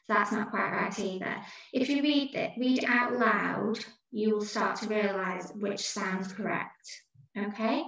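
A woman teacher talks pupils through a recorded lesson, patient and encouraging, going over each answer step by step. Her voice has a gravelly edge. The sound is dull and very echoey, picked up from a distance. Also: medium pitch, unhurried, a bit bright. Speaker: primary school teacher.

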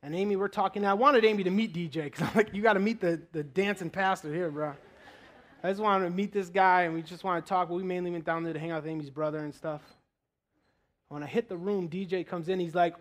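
A man preaching in a church, telling his story with animated swings from loud to low and quiet prayer. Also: fast. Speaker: guest preacher. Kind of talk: sermon testimony. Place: church sanctuary.

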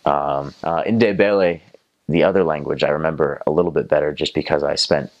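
A man's voice: very deep voice, steady tone, a little fast, lo-fi sound. A young man from North Carolina with a Southern American accent, telling stories in a casual, rambling way with many fillers and restarts. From North Carolina, USA. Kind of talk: casual storytelling.

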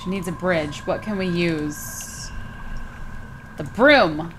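A woman's voice: fairly low pitch, animated, takes it slowly, a bit bright, slight background noise. Chatty woman narrating her gameplay. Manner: chatty, addresses viewers, exclaims in surprise. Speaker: gaming video host. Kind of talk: casual let's play commentary.

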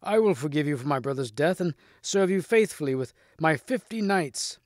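A man's voice: a little high, lively intonation, normal speed, no room sound, clean studio sound, voice pushed up, lightly acted. A man voicing a proud armored knight who speaks formally. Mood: pleading.

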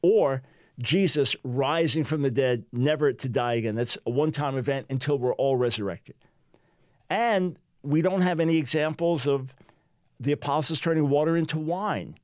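A man's voice: a little high, normal speed, dry recording, studio quality. An older American man hosting a Christian talk show, preaching fervently and reading a testimony aloud with emphasis. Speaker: radio show host.

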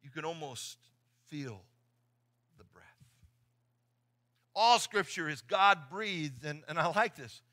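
A man's voice: on the high side, expressive, slow, long pauses, bright, forceful tone. A middle-aged man preaching a sermon in church, earnest and often repeating his words as he talks. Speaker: pastor. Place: church sanctuary.

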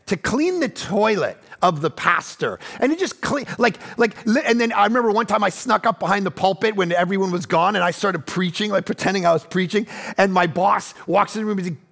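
Pastor, man, 40s, high gravelly voice, animated storytelling sermon with acted-out voices. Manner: self-deprecating and conversational.

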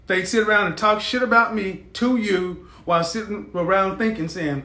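A man hosting a live stream goes on a blunt, mocking, combative rant in a fairly high voice for a man. He talks at normal speed with few pauses, sounding pushed and bright, and the audio carries the echo of a roomy space.

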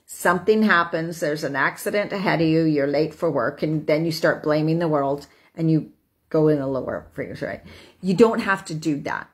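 Chatty lady in her fifties, lowish voice, keeps saying right?, laughs a lot. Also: moderate pace. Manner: chatty, frequent "right?", laughs while talking. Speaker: host. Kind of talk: casual self-help talk to camera.

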